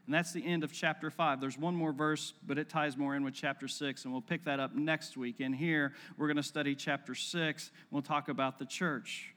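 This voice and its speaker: A male pastor delivering a sermon with a fairly high voice. He keeps it conversational, teasing his listeners and acting out little scenes. The sound rings with the long reverb of a hall. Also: steady tone, normal speed, few pauses, a bit bright.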